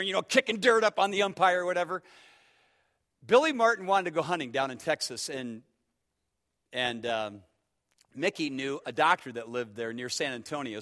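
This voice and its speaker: A pastor preaching a sermon in a high, bright voice. He tells stories with energy, dropping to a hush and then rising to loud, sharp outbursts. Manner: animated storyteller, swings between hushed and shouting.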